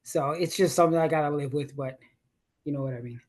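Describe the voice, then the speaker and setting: Higher-pitched man student, halting. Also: a little mellow. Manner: self-deprecating, halting with fillers. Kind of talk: seminar discussion.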